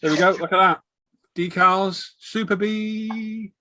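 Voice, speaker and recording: A man tells lively anecdotes on a live stream, bouncing between voices as he acts out scenes at a petrol station counter. his voice sits a little high for a man, and the sound is dry and close, with no room echo. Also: slow. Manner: animated storyteller acting out shop exchanges. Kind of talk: casual chat.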